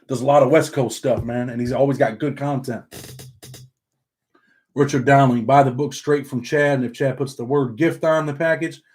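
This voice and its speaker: A man from upstate New York who talks with a Southern country twang after many years living down south. He hosts a relaxed livestream, reads the chat out loud and ends nearly every sentence with "man". His voice sits at an ordinary middle pitch for a man. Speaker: livestream host reading chat.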